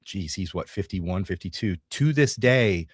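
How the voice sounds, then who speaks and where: A man's voice: low-pitched, lively intonation, unhurried, slightly rough, no room sound, studio quality. A middle-aged man hosting a casual livestream, rambling and joking while reading from notes and viewer comments. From Northeast Georgia, US. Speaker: livestream co-host.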